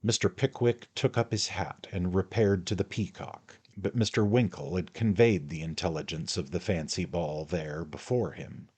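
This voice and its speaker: A man reading a classic novel aloud in measured, scripted narration. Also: sits low, a little mellow, husky. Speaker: audiobook reader.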